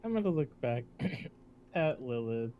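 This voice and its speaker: A man's voice: medium pitch, sing-song, takes it slowly, slight background noise. A man playing a character in a tabletop game, asking tentative questions. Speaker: player. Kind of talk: tabletop role-play. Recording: dull lo-fi mic.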